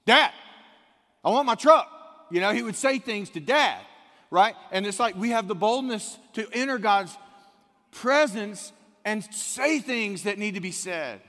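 A man preaching a conversational sermon, swinging from quiet, low asides to sudden loud, emphatic rises. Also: expressive, unhurried. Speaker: pastor. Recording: long reverb of a large hall.

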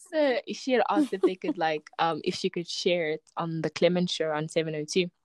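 Young woman, lively storyteller. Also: lowish voice, moderate pace, dry recording. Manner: animated, acts out quoted voices, frequent "like" and laughter. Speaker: poet and interview guest. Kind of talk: casual interview storytelling.

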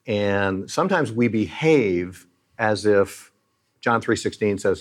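A man's voice: on the low side, slow pace. A middle-aged man who leads a Christian aid charity, speaking earnestly and like a preacher as he tells moving stories in an interview.

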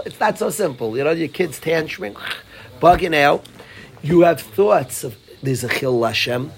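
A middle-aged man, a rabbi, giving a Torah lecture to a congregation, telling stories with animated delivery and scattered Hebrew and Yiddish terms. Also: fairly high pitch, moderate pace, slight background noise.

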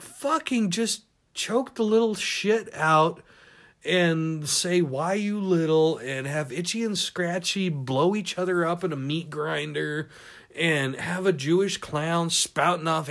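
A man hosting a podcast, ranting in a profane, animated monologue and laughing at his own jokes. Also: on the high side. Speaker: podcast host.

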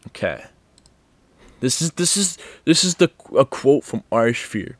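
A man's voice: medium pitch, very animated, moderate pace. A man hosting a casual podcast, rambling and swearing, with many restarts. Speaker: podcast host.

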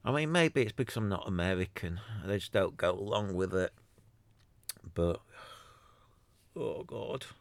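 A man's voice: low-pitched, animated, moderate pace, no room sound. A man hosting a solo podcast, ranting in an exasperated, sarcastic way and rambling with many restarts. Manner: exasperated, sarcastic, mocks others in put-on voices. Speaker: podcaster running a free website.

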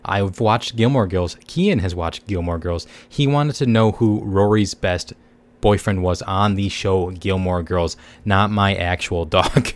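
A young man hosting a casual solo podcast, rambling and joking at his own expense, with lots of "like". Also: deep voice. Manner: rambling, self-mocking, lots of "like". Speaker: podcast host.

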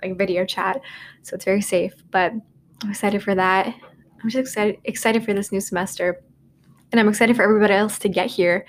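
A woman's voice: mid-range voice, a little hiss or hum. A woman in her twenties hosting a casual solo podcast from her dorm room, rambling and self-deprecating, with lots of "like" and "um". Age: 20s. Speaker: podcast host.

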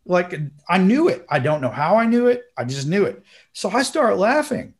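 Animated storytelling man, fairly high voice. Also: moderate pace. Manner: animated, acts out quotes with sudden high bursts. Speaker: podcast co-host. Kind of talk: storytelling in casual chat.

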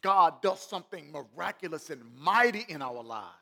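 A man's voice: fairly high pitch, big pitch swings, moderate pace, vocal fry, sharp tone. A man, a pastor, preaching a sermon. He swells and drops in volume and talks straight to the congregation with questions. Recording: long hall reverb.

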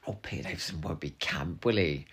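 A man's voice: a bass voice, fairly quick, slightly rough. A young man co-hosting a podcast, answering listener questions in a cheeky, playful way, often dropping into asides and whispers. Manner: animated, cheeky and playful, drops into whispers and laughs. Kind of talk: casual podcast chat.

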